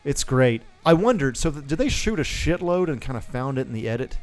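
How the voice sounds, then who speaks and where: A man's voice: mid-range voice, sing-song, brisk, faint music behind. A man co-hosting a podcast in loose casual chat, swearing freely and often laughing. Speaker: podcast co-host.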